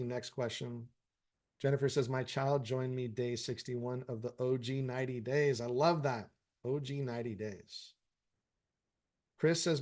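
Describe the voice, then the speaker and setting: A man's voice: medium pitch, darkish tone. A man hosting a meditation Q&A, chatting casually and swearing freely as he answers viewer comments. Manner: frank, profanity-laced, encouraging. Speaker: meditation teacher and host.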